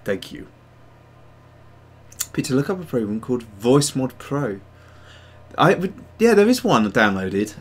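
Guy hosting a sculpting stream, rambly and self-mocking, reading chat out loud, middle-pitched ordinary voice. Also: big pitch swings, measured pace, long pauses, breathy edge. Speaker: host of a digital sculpting stream. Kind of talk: casual livestream chat.

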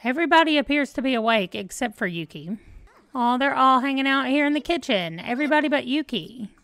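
A woman's voice: high-pitched, lively intonation, brisk, fairly bright tone, dry recording. Chatty woman narrating her gameplay. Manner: chatty, thinking aloud as she plays. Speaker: let's play host. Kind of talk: casual gameplay commentary.

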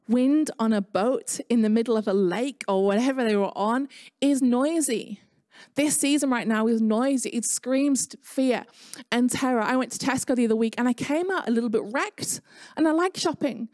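A woman's voice: fairly high pitch, warm tone, dry recording, studio quality. A woman with an English accent preaching an online sermon in a chatty, conversational way, mixing personal stories with scripture. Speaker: pastor.

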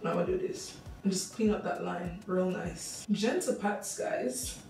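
A woman's voice: on the low side, moderate pace, vocal fry, recorded from a distance, faint music behind. Chatty Jamaican woman in echoey room. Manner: chatty, animated storytelling. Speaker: makeup artist. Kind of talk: makeup tutorial with storytime.

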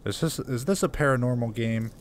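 A gaming YouTuber with a medium-pitched voice gives casual let's play commentary on a survival horror game, talking a little fast. He's chatty and jumpy, laughing nervously at the scares, with slight background noise behind him.

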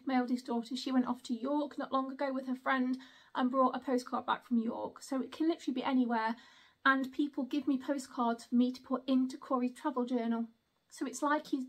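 A woman, chatting through an unboxing and exclaiming often. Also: sits high. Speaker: vlogger. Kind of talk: casual unboxing chat.

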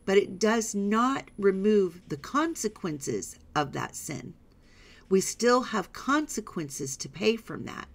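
A woman's voice: medium pitch, animated, slow, vocal fry. A woman Bible teacher reading scripture aloud and stopping to explain it, often checking in with "right?" and "okay?". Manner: reads passages aloud, then stops to explain.

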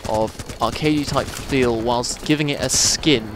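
A man's voice: medium pitch, a little slow, background noise. A young man giving rambling, chatty commentary while playing a military shooter. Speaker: gameplay commentator. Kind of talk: casual gameplay commentary. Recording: gameplay gunfire and explosions behind.

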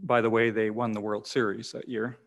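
A man, preaching a sermon in a measured way, repeating key phrases with pauses, in a church hall. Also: on the low side, level tone, creaky. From Canada. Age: 60s. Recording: long echoing church reverb.

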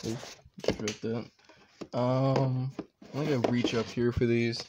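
A man's voice: mid-range voice, flat delivery, slow pace, long pauses, background noise. A young man casually talking through his shelves at home in a rambling, unsure way, full of offhand asides. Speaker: vlogger.

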